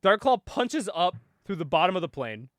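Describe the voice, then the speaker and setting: High, lively, laughing man recapping a comic. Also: normal speed, dry recording, clean studio sound. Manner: laughs often, swears, jokey. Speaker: podcast host reviewing a comic. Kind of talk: casual comic recap with acted quotes.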